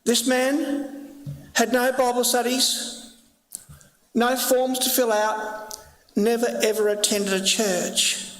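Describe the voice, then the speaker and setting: Slow, earnest male pastor in echoey church. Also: very high-pitched, flat delivery, fairly bright tone. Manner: earnest, emphatic repetition. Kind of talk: sermon. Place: church sanctuary. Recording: echoey church hall reverb.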